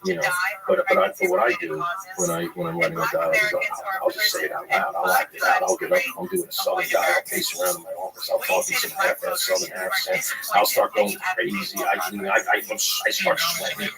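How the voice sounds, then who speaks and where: A man's voice: fairly low pitch, fairly quick, vocal fry, rough recording. A man, a TV writer, talking in a casual chat, rambling and swearing freely. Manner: profane, rambling, animated. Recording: loud crowd chatter behind.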